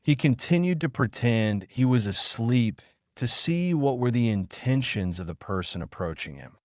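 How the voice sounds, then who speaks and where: A man narrating a fan fiction story in an animated storytelling manner. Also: mid-range voice, normal speed, no echo, studio quality. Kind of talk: scripted narration.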